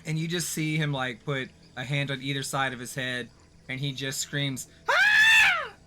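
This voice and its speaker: A man's voice: mid-range voice, little pitch movement, moderate pace, sharp tone, raised voice, a little hiss or hum. A man running a tabletop game as game master, narrating events vividly and laughing easily.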